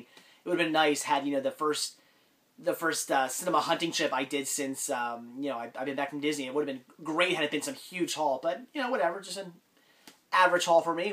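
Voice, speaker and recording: A collector vlogger, stuffy and congested from a cold, talks through his latest haul in a relaxed, rambling way. His voice is a bit higher than usual for a man, and he keeps pausing for ums and restarting sentences.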